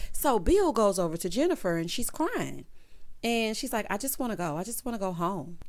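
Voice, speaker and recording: A woman recapping a reality show in a sassy, opinionated way, talking straight to her viewers. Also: on the high side. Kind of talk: casual chat.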